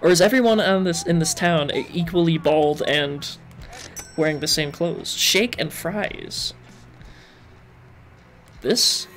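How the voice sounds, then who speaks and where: A man's voice: a little high, slow, pauses often, a bit bright, soft background music. A young man giving playful, joking let's-play commentary as he works through a game. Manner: playful, jokey, chatty with game characters. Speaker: gaming video host.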